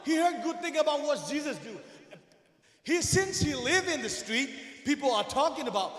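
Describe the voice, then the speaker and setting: A man with a very high voice tells children a Bible story, animated and often shouting. He keeps stopping to quiz them. His voice rings through a big hall with a long, echoing tail. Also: moderate pace. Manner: asks the children questions. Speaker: Bible school teacher. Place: church hall. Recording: echoey hall with long reverb.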